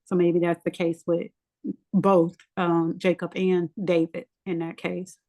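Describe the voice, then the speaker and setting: Animated, colloquial woman talking. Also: fairly low pitch, a little slow. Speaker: Bible study participant. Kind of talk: casual group discussion.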